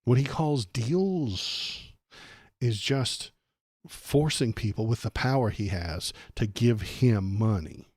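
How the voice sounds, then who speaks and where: A man's voice: mid-range voice, expressive, takes it slowly, darkish tone, no room sound, studio quality. A man hosting a political stream, ranting with sarcastic, profane exasperation.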